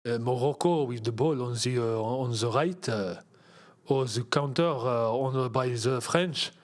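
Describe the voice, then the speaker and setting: A man putting on a mock French accent, commentating slowly and haltingly with many fillers. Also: mid-range voice, voice pushed down, lightly acted. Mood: mock commentary. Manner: halting, drawn out, full of uh fillers.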